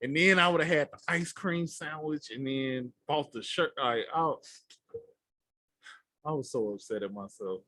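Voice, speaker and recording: A man co-hosting a podcast in casual chat, telling stories in an animated way and acting out his own reactions. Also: a little high, a little slow, no room sound. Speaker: podcast co-host.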